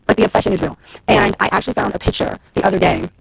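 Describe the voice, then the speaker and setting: Brief: woman in her thirties ranting on a phone livestream, rapid-fire delivery with a gravelly fry, swearing freely, exasperated. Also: mid-range voice, very animated, no room sound, rough recording. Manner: fast, profane, venting and exasperated. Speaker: reality TV personality and executive producer. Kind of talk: Instagram live rant to viewers.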